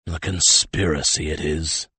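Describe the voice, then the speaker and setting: A man voicing a gruff, stern older male weapons master who growls and speaks with inverted word order. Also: very deep voice, fairly even intonation, unhurried, sharp tone, dry recording, exaggerated voice. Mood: grumbling.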